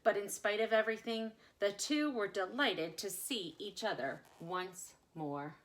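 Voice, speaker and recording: A woman reading a children's picture book aloud with expressive, dramatic delivery. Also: mid-range voice, measured pace. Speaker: storyteller.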